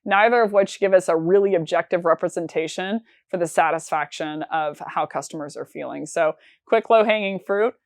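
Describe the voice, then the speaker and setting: A woman's voice: fairly low pitch, moderate pace, few pauses, dry recording, clean studio sound. A woman hosting a sales show, talking through business advice in a candid, conversational way and counting off her points one by one.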